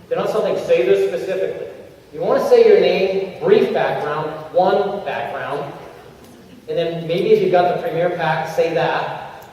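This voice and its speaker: A man giving an energetic coaching talk to a convention crowd, acting out little scenes in changing voices. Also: high voice, a little hiss or hum. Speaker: motivational speaker at a sales convention. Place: large convention hall. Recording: echoey convention hall, far from the mic, dull sound.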